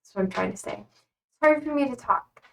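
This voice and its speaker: A woman's voice: medium pitch, animated, brisk, gravelly, slight background noise. A young woman chatting casually on a live stream, rambling and emotional, often close to tears. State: tearful, trying not to cry. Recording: speaking from a distance to the mic.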